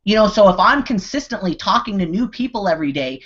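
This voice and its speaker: A man's voice: high voice, very animated, fast talker, a bit bright. A man hosting a live online Q&A, talking in a rambling way with many restarts and fillers. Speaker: host. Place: online video hangout. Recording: dull lo-fi video call audio.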